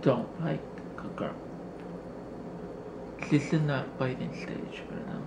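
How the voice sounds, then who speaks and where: A man vlogging casually from his home, talking to his camera and coaxing his dog in a high, playful voice between rambling updates. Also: steady tone, slow, gravelly. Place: home indoors. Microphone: handheld camera. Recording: noisy home camera audio.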